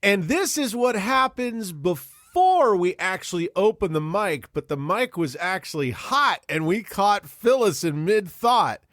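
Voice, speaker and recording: A man co-hosts a chatty podcast, and his slightly high voice swings up and down with lively pitch. He jokes, rambles and laughs easily. The sound is dry and close, with no room echo. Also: a little slow, few pauses. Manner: jokey, rambling, laughs often. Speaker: podcast co-host. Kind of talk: casual chat.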